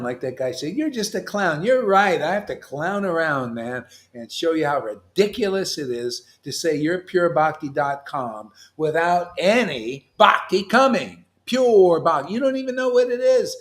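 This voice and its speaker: High-voiced man preaching loudly. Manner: loud and mocking, yelling at times, laughing. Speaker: spiritual teacher. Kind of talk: animated sermon.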